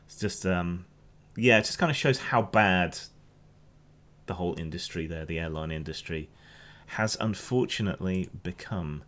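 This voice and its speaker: Low-voiced Hampshire man rambling through news. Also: normal speed, a bit bright. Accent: Hampshire English. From England. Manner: rambling, restarts often, opinionated. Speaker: streamer and news commentator. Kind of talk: casual news commentary.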